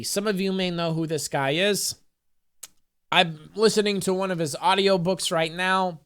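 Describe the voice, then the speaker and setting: A man with a high voice talks loosely to his viewers from a room at home. He jokes and swears freely while reading affirmations aloud and chatting to his cat. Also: fairly even intonation, unhurried, a bit bright, clear, resonant tone. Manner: profane, joking, loose and chatty. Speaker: spiritual vlogger. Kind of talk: casual rambling vlog with card reading.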